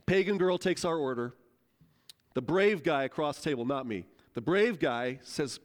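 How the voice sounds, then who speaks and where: A man preaching a sermon, telling a story in a lively, conversational way and acting out the quotes. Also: fairly high pitch, moderate pace. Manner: animated, conversational, acts out quotes. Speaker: pastor.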